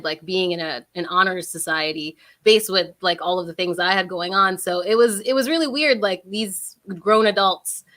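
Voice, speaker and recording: A woman's voice: medium pitch, fairly bright tone. A young woman in a casual panel discussion, speaking hesitantly with many fillers and restarts.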